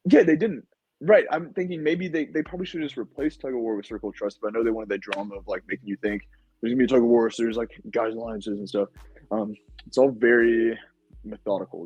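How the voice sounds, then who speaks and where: Husky young man telling a story. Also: fairly low pitch, quick pace, a little mellow, muffled recording. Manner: rambling storytelling, heavy use of "like". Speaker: guest, former game show contestant. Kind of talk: casual podcast interview.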